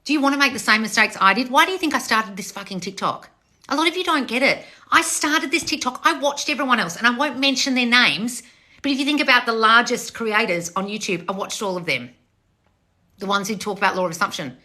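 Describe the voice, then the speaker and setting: A woman's voice: fairly high pitch, animated, a little fast, pushed and bright. A woman, a manifestation coach scolding her viewers bluntly with plenty of swearing. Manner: profane, blunt, exasperated tough-love scolding. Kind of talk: blunt livestream chat reading comments.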